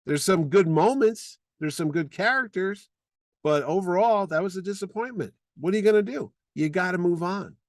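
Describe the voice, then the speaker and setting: A man co-hosting a podcast who rants with strong, animated opinions in a casual chat. His voice sits a little high for a man. The sound is dry and close, with no room echo. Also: moderate pace. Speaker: podcast co-host.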